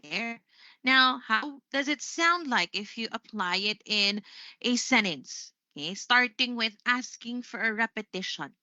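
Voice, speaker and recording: Bright-voiced Filipino woman teaching English. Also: a little high, expressive, unhurried, no room sound, dull audio. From Philippines. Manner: chatty, says "right?" after most points. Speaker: English lesson host. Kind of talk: live-streamed English lesson.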